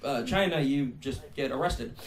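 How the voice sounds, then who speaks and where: A man's voice: medium pitch, normal speed. A young man from Iceland with an American Midwestern accent, doing a rambling, self-deprecating stand-up set and laughing often. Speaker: stand-up comedian. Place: comedy club basement room. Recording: echoey room, distant mic, crowd. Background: audience laughing.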